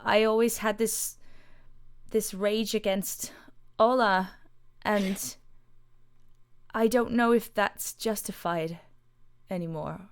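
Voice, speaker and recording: Tabletop player, female, smooth clear voice; hesitant and halting. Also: medium pitch, steady tone. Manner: hesitant, repeats words. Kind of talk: in-character talk and casual chat.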